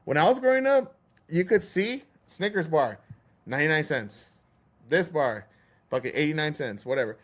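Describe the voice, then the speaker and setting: Man, host, fired-up profane rant, a touch high in pitch. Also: lively intonation, moderate pace. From Texas. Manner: heated, swearing, acts out store clerks. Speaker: podcast host.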